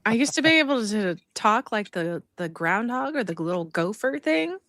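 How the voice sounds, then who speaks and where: A woman's voice: medium pitch, big pitch swings, moderate pace, fairly bright tone, no room sound. A woman chatting casually on a podcast, sharing memories. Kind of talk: casual chat.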